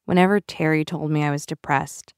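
A young woman, raised in the US after arriving from Russia, reading a personal essay in a reflective, measured, confessional way. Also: deep voice, fairly even intonation, clean tone, no room sound, studio quality.

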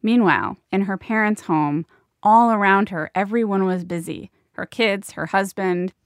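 A woman hosting and narrating a documentary program in a measured, calm way. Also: medium pitch, no echo, clean studio sound. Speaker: host and narrator.

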